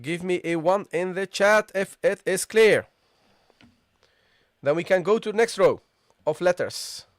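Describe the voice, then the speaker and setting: A man teaching an online Arabic lesson live, repeating points and checking in with viewers after nearly every phrase, and sounding out letters slowly for them to copy. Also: sits high, dry recording, clean studio sound. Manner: repetitive, checks in with "okay?" and "guys"; models pronunciations slowly.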